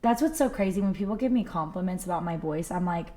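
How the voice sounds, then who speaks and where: Young woman singer as podcast guest, earnest and heartfelt, filler-heavy chat, a touch low-pitched. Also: expressive, quick pace, mellow.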